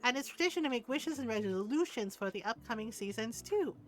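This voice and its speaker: A friendly villager invites guests to a summer bonfire in a cozy game, read aloud by an older woman. The delivery is plain and calm, in a fairly high voice with faint music behind. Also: a little fast, close to an everyday voice.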